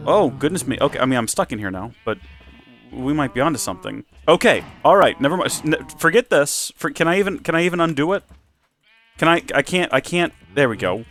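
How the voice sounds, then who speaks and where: A man's voice: a little high, fairly bright tone. A man hosting a Minecraft let's play, talking in a playful mock presenter tone and rambling through self-corrections. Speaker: Minecraft channel host.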